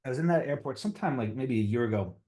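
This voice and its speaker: A middle-aged man with a New York accent, a physician guest on a conversational interview, telling stories with lively pitch swings. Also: rapid-fire. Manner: animated storyteller, voices quotes with big pitch jumps.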